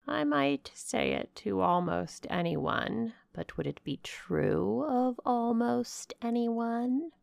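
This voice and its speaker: A woman voicing a harsh-voiced old crone fortune-teller who speaks in a decided, probing, deliberate way, in a storybook reading. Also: on the high side, expressive, vocal fry, a little mellow, dry recording, clean studio sound, voice pushed up, exaggerated voice. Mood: insistent. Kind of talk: audiobook character voice.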